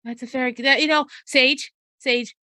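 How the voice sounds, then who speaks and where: A woman's voice: high-pitched, steady tone, a little slow, bright, forceful tone, no echo. A woman playing a tabletop role-playing game, talking hesitantly with many restarts as she voices her character. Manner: hesitant, lots of fillers and restarts, laughing easily. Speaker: player.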